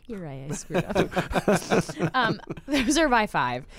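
A woman's voice: mid-range voice, big pitch swings, takes it slowly, slight background noise. A woman hosting a casual podcast chat, chatty and enthusiastic, often laughing as she talks. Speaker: podcast host.

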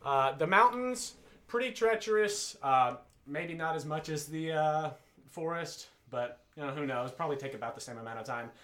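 A man's voice: fairly high pitch, animated, moderate pace, fairly bright tone. A man narrating as game master for a tabletop game, rambling and hesitant. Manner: rambling, hesitant, full of fillers.

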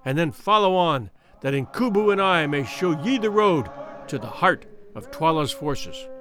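A man voicing a wary old war general who addresses his regiment in slow, loud, declaiming speech, read as part of a storybook. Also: a little high, very animated. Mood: rousing.

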